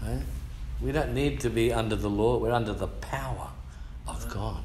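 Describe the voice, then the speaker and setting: A man's voice: lowish voice, normal speed, a little mellow, roomy sound, a little hiss or hum. An older man with an Australian accent, preaching a sermon as a pastor and telling his testimony in a colloquial, slangy, emphatic way. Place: church.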